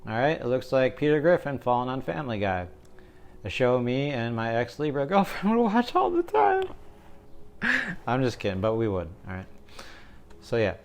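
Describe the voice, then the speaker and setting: A man's voice: mid-range voice, sing-song, normal speed, long pauses, a little mellow. A young man giving a casual tarot reading, joking and rambling, often checking in with "right?". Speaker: tarot reader.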